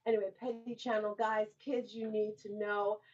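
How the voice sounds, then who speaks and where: A middle-aged woman hosting a live-streamed book event. She is animated and laughs often as she talks to the audience. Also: mid-range voice, normal speed. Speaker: host and author. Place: bookstore event space. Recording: dull lo-fi sound.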